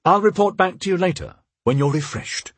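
Proud young aristocrat, voiced by a man, storybook, soothing, earnest, lively pitch. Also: fairly quick, breathy edge, dry recording.

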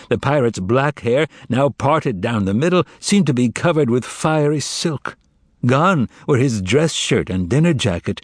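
Expressive male audiobook narrator. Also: medium pitch, no echo, clean studio sound. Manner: expressive reading.

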